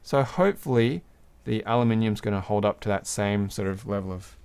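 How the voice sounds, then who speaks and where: A man's voice: lowish voice, brisk, gravelly, darkish tone, clear, resonant tone. A man hosting a livestream, casually talking through a hands-on craft demonstration at his workbench, explaining each step as he works and laughing now and then. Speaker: livestream host. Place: home workbench.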